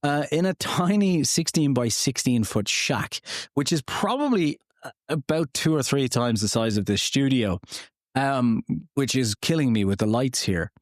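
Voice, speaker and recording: A man talking casually through a solo podcast from a tiny home studio. He rambles, trips over words and laughs at his own slips, filling gaps with plenty of ums and uhs. His voice sits at a middling pitch and sounds dry and close to the mic. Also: expressive, a little slow, no room sound. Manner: rambling and self-deprecating, many fillers. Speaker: podcast host.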